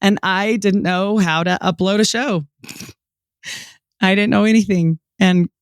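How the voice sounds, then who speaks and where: A woman in her forties from Utah, a podcast guest telling her story in a lively way, acting out what people said and laughing often. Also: mid-range voice, a little slow, clear, resonant tone, no room sound, clean studio sound. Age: 40s. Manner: animated, quotes people in lively voices, many "like" fillers. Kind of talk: storytelling interview.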